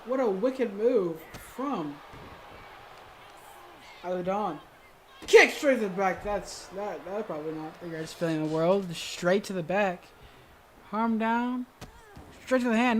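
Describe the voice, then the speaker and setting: Excited woman calling game action. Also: medium pitch, a little slow, a little hiss or hum. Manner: excited calls with sudden exclamations; hesitant fillers and self-corrections. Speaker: gaming video host. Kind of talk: play-by-play game commentary.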